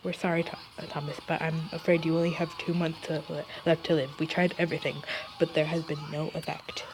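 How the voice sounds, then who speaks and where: A woman's voice: sits low, little pitch movement, brisk, noisy background. A woman reading the lines of a sympathetic hospital nurse, with small stumbles and restarts. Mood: gentle. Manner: read aloud, with stumbles and restarts. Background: background music.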